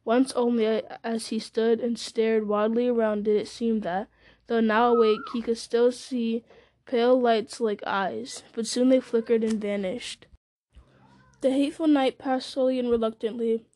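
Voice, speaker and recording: A woman narrating a fantasy novel aloud in a steady, measured storytelling manner. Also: fairly high pitch, dry recording. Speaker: audiobook narrator.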